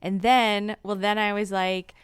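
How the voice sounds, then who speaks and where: A woman co-hosting a casual podcast, retelling arguments at home and laughing often. Her voice is smooth and clear at a middle pitch. The sound is dry and close. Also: level tone, unhurried, dry recording. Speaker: podcast co-host. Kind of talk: casual chat.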